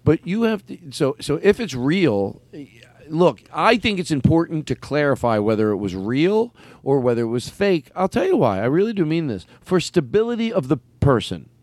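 A man hosting a casual chat, rambling and animated, with many restarts. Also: fairly high pitch, moderate pace, no room sound.

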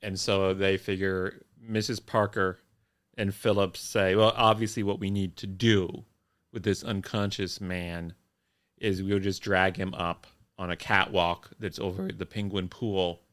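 A young man with a fairly low voice retells a story in a relaxed co-host chat. His humor is dry and wry, delivered deadpan. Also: measured pace. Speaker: podcast co-host. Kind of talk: casual chat recapping a film plot.

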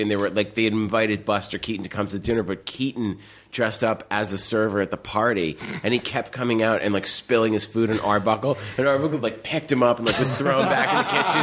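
A man's voice: lowish voice, fairly even intonation, fast, a bit bright, slight background noise. A man telling stories in casual chat, rambling along with plenty of fillers and restarts. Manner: rambling anecdotal storytelling with many fillers. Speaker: podcast co-host telling stories.

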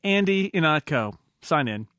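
A man's voice: fairly high pitch, sing-song, normal speed, pushed and bright, smooth, no room sound, clean studio sound. A man hosting a casual podcast chat, introducing his panel and laughing often. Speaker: podcast host.

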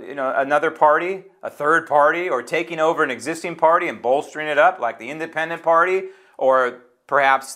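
A man's voice: mid-range voice, sharp tone. A middle-aged man from the United States hosting his political commentary show, talking in an indignant, sarcastic, conversational way. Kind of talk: opinion commentary monologue.

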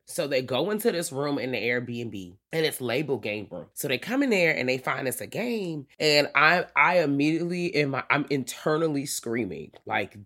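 A woman's voice: low voice, a bit bright. A woman co-hosting a podcast, reviewing a movie in casual chat and acting out her own reactions with lots of swearing. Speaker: podcast co-host.

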